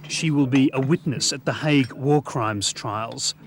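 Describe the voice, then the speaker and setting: A man reading scripted documentary narration in a measured, even way. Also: medium pitch, background noise.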